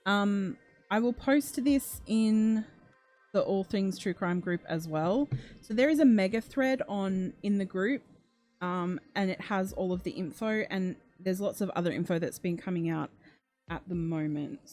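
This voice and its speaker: Over soft background music, a woman who hosts a true crime channel talks to her livestream chat at a measured pace, reading and reacting to comments. Her tone is warm and low-key yet emotional, with gasps and moments near tears.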